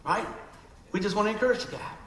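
A man's voice: sits high, animated, quick pace, fairly bright tone, echoey room, slight background noise, poor audio. A man preaching a sermon, telling a story animatedly and acting out the voices of people in it.

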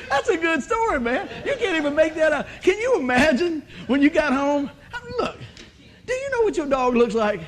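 A man's voice: very high voice, big pitch swings, normal speed, a little hiss or hum. A male pastor, telling a funny story in a sermon, laughing often and acting out the voices.

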